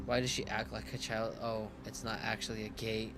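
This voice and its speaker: A man's voice: fairly low pitch, monotone, fairly quick, background noise. A man doing casual gameplay commentary, reading subtitles aloud, giggly and self-mocking. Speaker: gaming streamer.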